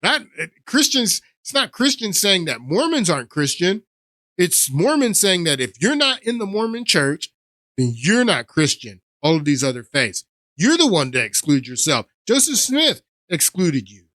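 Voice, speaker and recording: A man's voice: high-pitched, sing-song, moderate pace, a bit bright, no echo, clean studio sound. A man hosting his own podcast, giving emphatic, repetitive opinion commentary with many restarts. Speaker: podcast host.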